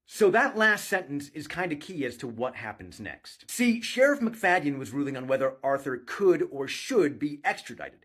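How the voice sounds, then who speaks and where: A man's voice: on the high side, moderate pace, few pauses, slightly rough. A man recapping court news in a wry, sarcastic commentary style. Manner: sarcastic, animated storytelling. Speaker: vlogger covering court news. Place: Scotland.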